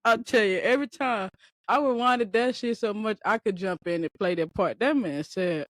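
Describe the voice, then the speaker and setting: A woman's voice: medium pitch, moderate pace, fairly bright tone, no room sound. Chatty woman podcast host, dry sound. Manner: rambling, conversational, addresses listeners directly. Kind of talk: casual storytelling chat.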